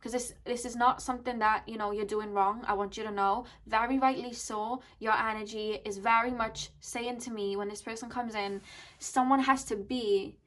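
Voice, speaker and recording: A woman's voice: a little high, fairly even intonation, moderate pace, fairly bright tone. Earnest woman giving a tarot reading. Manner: earnest, flowing, thinks aloud. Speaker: tarot card reader. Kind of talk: intuitive tarot reading to camera.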